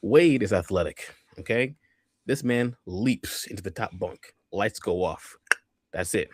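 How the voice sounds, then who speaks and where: A man's voice: on the low side, measured pace, dry recording, studio quality. A man telling a personal anecdote on a talk show, acting out scenes and checking in with "right?" and "okay?". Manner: animated, acts out scenes, repeats "right?" and "okay?". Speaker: guest storyteller. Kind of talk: casual anecdote on a podcast.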